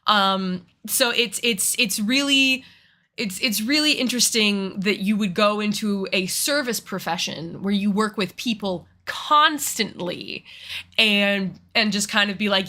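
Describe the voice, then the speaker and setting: A woman's voice: medium pitch, a little slow, sharp tone. A woman who works as a teacher, talking frankly and emphatically in a casual reaction chat, with many restarts.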